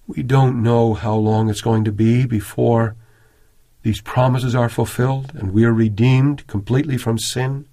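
A man preaching a sermon in an earnest, measured way, raising his voice when he quotes prayers. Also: mid-range voice, dark tone.

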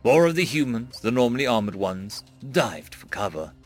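A male narrator telling a tense first-person story with a lively, rising and falling delivery. His voice stays mid-pitched and he jumps much higher for frantic quoted lines. Faint music plays behind him. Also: normal speed. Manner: voices characters' panicked shouts with big pitch jumps.

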